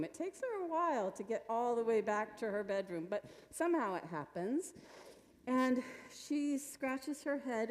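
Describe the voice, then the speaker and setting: A woman telling a children's story to a congregation at a church service, animated and playful. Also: mid-range voice. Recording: long reverb of a church hall.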